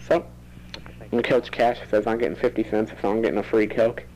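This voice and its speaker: A man's voice: on the low side, flat delivery, a little fast, darkish tone, slight background noise, rough recording. A teenage boy rambling into a home cassette recorder for his audio diary, chatty and prone to giggling. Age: teens. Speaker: student keeping a tape diary.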